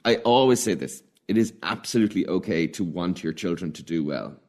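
A man's voice: low-pitched, expressive, brisk. A man hosting a podcast, asking thoughtful questions about athletes and their parents. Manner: thoughtful, warm reflective questioning. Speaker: host, works with young athletes' well-being. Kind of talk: podcast interview.

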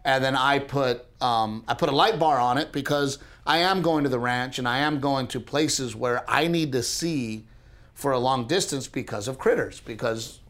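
A man co-hosting a casual podcast, telling a story in an animated way, speeding up when excited and restarting his sentences often. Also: mid-range voice, normal speed. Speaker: podcast co-host.

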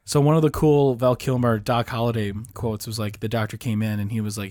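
Rambling podcast co-host man, mid pitch. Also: flat delivery, brisk, hardly any pauses, darkish tone, no echo, clean studio sound. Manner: rambling storyteller, lots of "like" and laughing asides. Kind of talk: casual chat.

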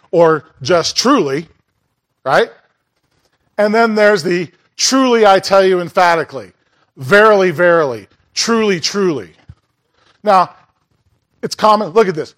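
A man's voice: high voice, fairly bright tone. A man preaching a sermon in a church in a conversational way, asking the congregation questions and making asides. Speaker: pastor.

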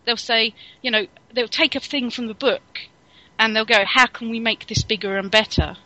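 A woman's voice: a little high, fairly even intonation, normal speed, bright, forceful tone, no echo, rough recording. A woman co-hosting a casual podcast discussion, sardonic in tone. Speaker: podcast co-host.

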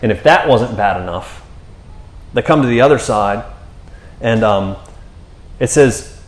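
A man's voice: on the low side, a little slow, pauses often. A male pastor preaching in a loose, conversational way, often tossing in "man" and "you know.". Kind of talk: sermon. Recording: echoey room.

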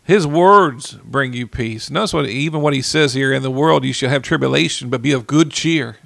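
A man preaching a sermon in an earnest way, repeating key phrases and slowing down to stress them. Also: mid-range voice, creaky, fairly bright tone, no room sound.

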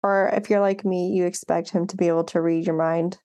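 A young woman co-hosting a podcast, talking in a relaxed, agreeable way with quick laughs. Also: fairly low pitch. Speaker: podcast co-host. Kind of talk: casual chat.

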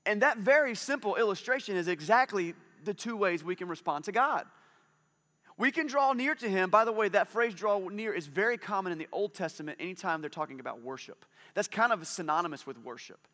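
A man in his forties delivering a church sermon in a relaxed, conversational way. His voice sits a little high and rings bright and forceful. He swings between lively, animated stretches and quiet, hushed asides. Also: fairly quick. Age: 40s. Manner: conversational, animated, drops to a soft hush for intimate moments. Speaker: pastor.

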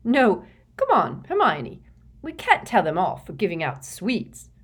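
A woman's voice: mid-range voice, huge pitch swings, measured pace, husky, exaggerated voice. A woman voicing a lanky teenage schoolboy wizard who hesitates and mutters. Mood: sheepish.

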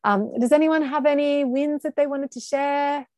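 A woman coaching a group on a video call, enthusiastic and encouraging with lots of quick exclamations. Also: high-pitched, steady tone, darkish tone, no room sound. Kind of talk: upbeat group call hosting.

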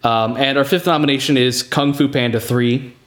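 A male podcast host in casual, chatty conversation with a co-host. His voice sits at an average pitch, and he laughs easily while he runs through lists. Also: fairly even intonation, moderate pace. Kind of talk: casual chat.

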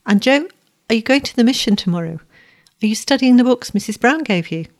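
A woman reading a storybook voices an earnest, tender young flower girl with a brighter, lifted tone. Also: fairly high pitch, expressive, fairly quick, voice pushed up.

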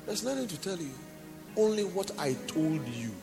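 God, calm and patient, as a preacher puts him on. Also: male voice, sits high, normal speed, over music.

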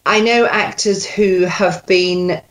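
A woman coaching accents, talking in a chatty, animated way with quoted asides. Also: mid-range voice, slow. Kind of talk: casual chat. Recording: roomy echo.

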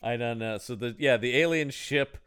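A man's voice: medium pitch, moderate pace, a bit bright, clean tone. A man co-hosting a podcast, chatting casually about a movie, laughing often and quoting lines in mock voices. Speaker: podcast co-host. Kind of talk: casual movie-review chat.

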